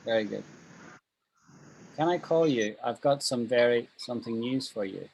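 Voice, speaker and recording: A man's voice: mid-range voice, moderate pace, creaky, darkish tone, slight background noise, rough recording. A man teaching an online English class, patiently drilling pronunciation over a video call.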